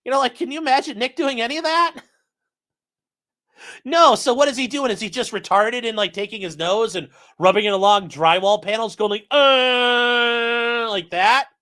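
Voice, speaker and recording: A channel host mocks a court filing with profane, incredulous commentary while talking to his live chat. His high voice is brisk, pushed and bright.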